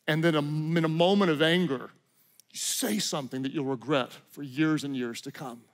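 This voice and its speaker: A man preaching a sermon as pastor, telling stories dramatically, hushing low and slow for solemn moments and rising to forceful emphasis. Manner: dramatic storytelling with acted-out quotes.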